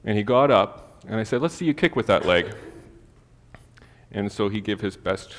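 A man's voice: fairly low pitch, animated, normal speed. A man preaching a sermon, telling a casual personal story full of fillers before turning to scripture. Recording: long hall reverb.

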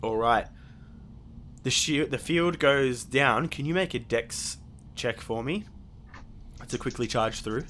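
Man, game master, mid-pitched voice, rambling narration, filler-heavy. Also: slow pace, pauses often, fairly bright tone, a little hiss or hum. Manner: rambling, full of fillers and restarts.

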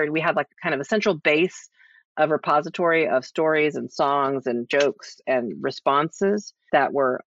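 An American man being interviewed, talking casually and lively, often restarting his sentences. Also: fairly high pitch, vocal fry, no room sound. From United States. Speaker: guest. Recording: slightly dull lo-fi sound.

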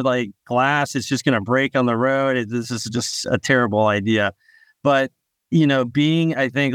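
Smooth-voiced man telling a founder story. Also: medium pitch, dry recording, studio quality. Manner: storytelling, relaxed, repeats words at restarts. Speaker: startup founder and CEO. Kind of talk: podcast interview answers.

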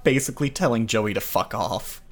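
A man co-hosting a comedy podcast, reading from his notes and laughing excitedly in casual chat. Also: mid-range voice, moderate pace. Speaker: podcast co-host.

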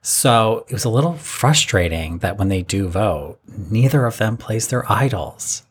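A man with a low, somewhat husky voice talks through a reality show episode in easygoing chat. He tells it like a story and slips into quick impressions of the players. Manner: lively storytelling, mimics the players. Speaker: podcast co-host recapping a reality show. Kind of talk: casual chat.

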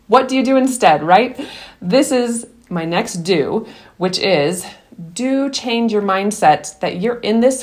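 A woman hosting a podcast, giving earnest, encouraging parenting advice and telling her own story, often restarting sentences. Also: mid-range voice. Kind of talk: earnest advice talk mixed with personal story.

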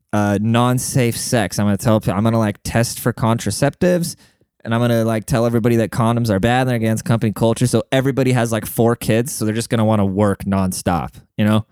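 A man hosting a solo podcast in a brash, rambling, profane way, full of fillers, jumping up in pitch when he quotes people. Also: fairly even intonation, moderate pace, a little mellow, clean tone, dry recording, clean studio sound. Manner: jumps high in pitch when acting out quotes. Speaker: podcast host. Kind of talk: casual solo podcast monologue.

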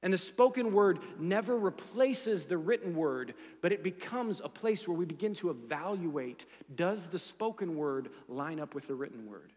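A man preaching a sermon as pastor, swinging between loud emphatic lines and soft hushed ones. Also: sits high, expressive, normal speed, few pauses, big-room sound. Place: church sanctuary.

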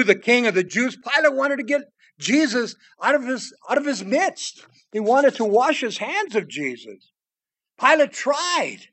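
Male preacher with a high voice, verse-by-verse sermon, punches some lines and drops to a hush on others, keeps calling on listeners to listen. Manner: emphatic, swings between loud declarations and hushed pleading asides; addresses listeners directly with "listen" and "guys". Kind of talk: expository sermon.

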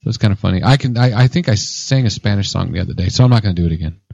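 A man co-hosting a casual podcast, telling stories in a lively, joking way and acting out what people said. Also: fairly low pitch, rapid-fire, creaky, no room sound, highs cut off. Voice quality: lively, joking storyteller who acts out quotes. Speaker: podcast co-host. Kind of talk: casual chat.

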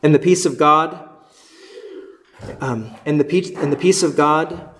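A man's voice: fairly high pitch, measured pace, a bit bright, reverberant. A male pastor who stutters, preaching a sermon earnestly and often repeating or restarting his words. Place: church sanctuary.

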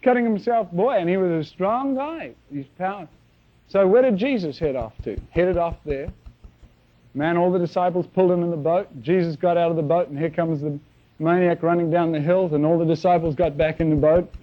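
A man preaching a sermon, telling stories in an animated way with acted-out sounds. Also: fairly high pitch, a little fast, muffled recording. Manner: animated storytelling with shouted sound effects.

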